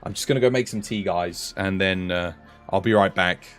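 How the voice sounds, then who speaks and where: A British man streaming a game, chatting in a relaxed way with his viewers while tired and dry in the throat. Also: low voice, moderate pace, faint music behind. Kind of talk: live game stream commentary.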